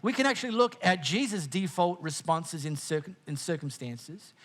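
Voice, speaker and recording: A middle-aged Australian man preaching a sermon as pastor, conversational and jokey, with frequent quick restarts. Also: on the high side, expressive, fairly bright tone.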